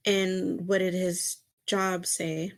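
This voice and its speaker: A woman playing a tabletop game, calmly questioning a character. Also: fairly low pitch, slow pace. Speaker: player. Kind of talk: tabletop role-play.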